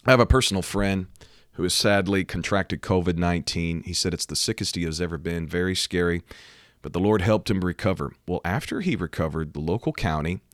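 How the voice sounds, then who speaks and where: An American man, a preacher, talking emphatically about faith and current events and rising to loud, animated outbursts. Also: low-pitched, brisk, no room sound, studio quality. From United States. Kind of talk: preaching commentary to camera.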